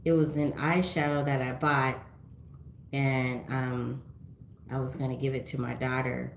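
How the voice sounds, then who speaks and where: A woman's voice: rumbling low, level tone, unhurried, creaky, reverberant, slight background noise. A middle-aged woman from California hosting a casual livestream on her phone, chatting and reading viewer comments aloud with frequent laughs. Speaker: livestream host.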